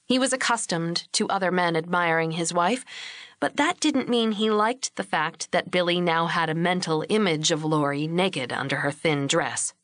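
A woman narrating a novel in a steady, expressive storytelling voice. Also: lowish voice, moderate pace, no room sound, clean studio sound. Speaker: audiobook narrator. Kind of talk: scripted narration.

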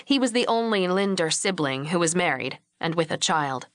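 Low-voiced woman narrating an audiobook. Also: animated, moderate pace, dry recording, studio quality. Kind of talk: scripted narration.

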